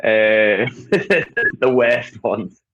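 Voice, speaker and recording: Low-voiced Scouse comedian on a tinny line. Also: male voice, expressive, drawn-out words, creaky, fairly bright tone. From Liverpool, England. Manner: crude, joking, rambling. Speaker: stand-up comedian guest. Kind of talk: casual podcast chat.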